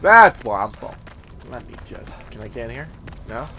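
A young man casually commentating a horror game, rambling with many fillers, swearing, and sometimes yelling. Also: medium pitch, sing-song, normal speed, slight background noise. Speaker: gameplay commentator. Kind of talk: casual let's-play commentary.

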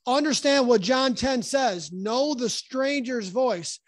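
A man teaching from the Bible in a casual podcast chat, earnest and halting with many restarts. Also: very high-pitched, expressive, no echo. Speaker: podcast guest.

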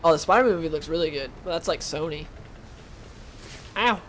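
A man's voice: on the high side, brisk, a bit bright, slight background noise. A young man hosting a casual gaming video, chatting and rambling while he plays and reacts to the game. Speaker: gaming channel host. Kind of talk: casual let's-play commentary.

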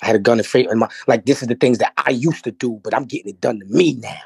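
A man with a New York accent talks quickly, his voice gravelly and husky. He tells his story in an animated, streetwise way and circles back on his own words. The sound is dry and close. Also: mid-range voice, no room sound. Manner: animated, streetwise, repeats himself. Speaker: podcast guest. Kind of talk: casual storytelling.

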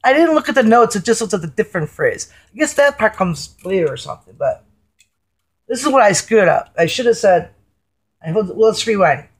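A woman's voice: medium pitch, sing-song, normal speed, breathy edge. A middle-aged woman chatting and singing in a casual home video, jokey and rambling, breaking into a bluesy half-sung delivery. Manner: jokey, rambling, self-deprecating. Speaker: amateur singer-songwriter.

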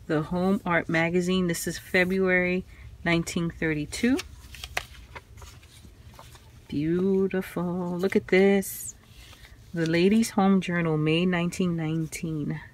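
Woman vlogger, slow and low-pitched, awed, careful show-and-tell. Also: fairly even intonation. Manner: awed, exclaiming, handling fragile items carefully. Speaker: vintage craft vlogger.

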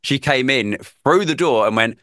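A radio presenter chats casually on a podcast, telling stories with animation and acting out the people he quotes. His medium-pitched voice moves at a normal speed, captured in studio quality with no echo.

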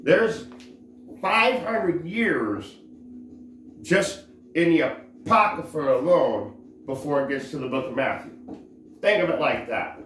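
A man teaching scripture in a slow, unhurried way, often pausing and restarting as he searches for words. His voice sits in a roomy, echoing space. A faint hum of background noise stays behind him. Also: fairly high pitch, animated, a bit bright. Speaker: religious teacher.

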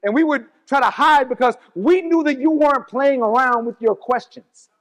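High-voiced man preaching in a reverberant church. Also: fairly bright tone. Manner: swings from quick asides to slow emphatic lines. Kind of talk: sermon with personal testimony. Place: church sanctuary. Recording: church hall with long reverb.

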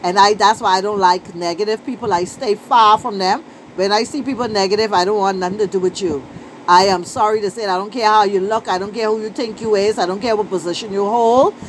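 A woman's voice: mid-range voice, fairly even intonation, brisk, slight background noise, rough recording. A middle-aged Bahamian woman with a Bahamian accent, telling a story to camera in a casual vlog and repeating phrases for emphasis. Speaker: vlogger and poet.

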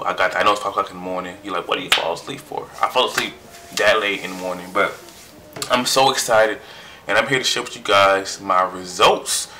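A young man in his twenties, chatting excitedly in a casual vlog and trailing off as he reads his results aloud. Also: on the low side, noisy background. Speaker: vlogger.

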